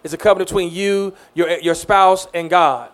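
Man, minister, sermon, earnest, repeats himself, high voice. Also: normal speed, a bit bright. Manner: earnest, repeats words, calls amen. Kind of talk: conversational sermon.

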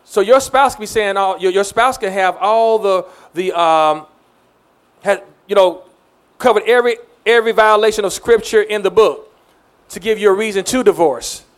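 A man's voice: high-pitched, moderate pace, clear, resonant tone. A man giving a conversational sermon as a minister, earnest, often repeating words and calling out amen.

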